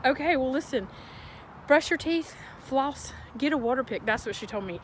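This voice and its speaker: A woman's voice: sits high, moderate pace, slight background noise, low-quality recording. Exasperated woman ranting. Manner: animated, exasperated, folksy storytelling. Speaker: vlogger. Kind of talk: casual rant to camera.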